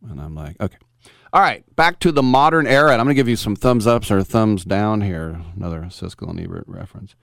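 Deep-voiced sports radio host. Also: male voice, animated, a little fast, gravelly, a bit bright, no room sound, clean studio sound. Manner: rambling anecdotal storytelling with chuckles. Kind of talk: casual sports talk radio.

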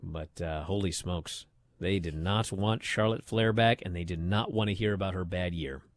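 A man hosting a radio talk show, recapping events in a rambling way and often trailing off low at the ends of his sentences. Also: moderate pace.

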